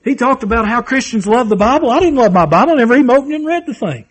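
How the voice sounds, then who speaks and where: رجل واعظ بلهجة جنوبية أمريكية، بصوت مرتفع الطبقة، يلقي عظة بحماس وتكرار إيقاعي ويروي قصصاً شخصية. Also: male voice, very high-pitched, expressive, racing, slightly rough. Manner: fervent, repetitive preaching cadence with personal storytelling. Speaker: preacher. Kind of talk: sermon.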